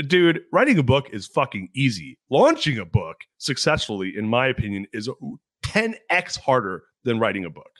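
Brief man as podcast host, laid-back and excitable, lively pitch, dry close sound. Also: normal speed, dry recording. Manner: casual, enthusiastic, swears, says "dude". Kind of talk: casual podcast conversation.

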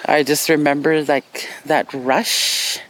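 A woman's voice: sits low, fairly even intonation, slow, poor audio. A middle-aged woman from Canada, speaking in a reflective documentary interview, hesitant, with many fillers and restarts.

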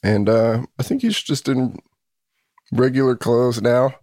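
A man playing a tabletop game, slowly and hesitantly describing his character. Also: medium pitch, fairly even intonation, a little mellow, no room sound, studio quality. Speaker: player. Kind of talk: casual tabletop play.

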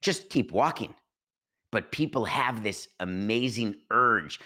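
A man hosting a sports talk show, telling stories in a playful, animated way with sudden jumps in pitch. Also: slow. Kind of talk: casual podcast monologue.

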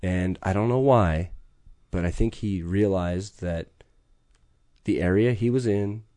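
Deep intense swearing man, dark voice. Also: a little slow, no room sound, studio quality. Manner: intense, profane, urgent storytelling. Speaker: podcast guest. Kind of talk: storytelling in conversation.

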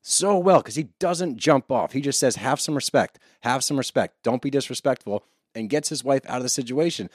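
A man's voice: medium pitch, darkish tone, dry recording, studio quality. A man co-hosting a podcast, ranting profanely in a heated casual recap chat. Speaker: podcast co-host.

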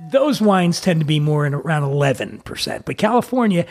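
A man's voice: a little high, big pitch swings, fairly quick, faint music behind. A man hosting a casual conversation, chatty and joking with his guest. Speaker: host.

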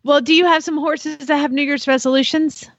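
A woman hosts a radio call-in show with a high-pitched voice. She is chatty and affectionate and teases her callers. The sound is dry and a little dull. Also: fairly even intonation, fairly quick, no room sound. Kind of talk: casual radio chat.

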